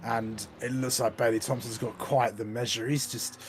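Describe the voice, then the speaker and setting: A man's voice: mid-range voice, level tone, normal speed, a little hiss or hum. A man as co-commentator on a sim race, giving loose analysis with many restarts. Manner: rambling analyst talk with hesitant restarts.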